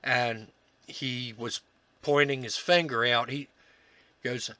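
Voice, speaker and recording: Slow, halting man with a bright tone. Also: medium pitch, fairly even intonation, dry recording. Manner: halting, many filler pauses. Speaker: paranormal investigator. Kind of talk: narrated commentary over recordings.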